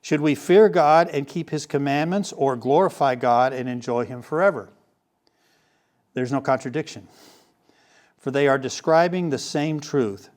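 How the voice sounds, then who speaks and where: A man's voice: mid-range voice, unhurried, darkish tone. Older man, Bible teacher, conversational lecture to a class, frequent ums and restarts. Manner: hesitant, many fillers and restarts. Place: room with a live class.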